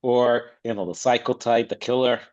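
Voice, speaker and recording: A man's voice: mid-range voice, fairly even intonation, normal speed. A man speaking as a podcast guest about acting, blunt and emphatic in a streetwise way. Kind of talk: casual interview chat. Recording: slightly dull lo-fi sound.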